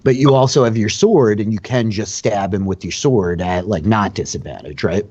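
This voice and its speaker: Husky-voiced man running a tabletop game. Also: fairly low pitch, normal speed, muffled recording. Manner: relaxed, filler-heavy explaining of rules. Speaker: dungeon master and host.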